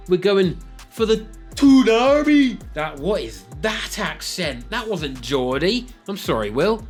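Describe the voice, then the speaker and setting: A young man giving blunt, sarcastic football predictions as a video host. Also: medium pitch.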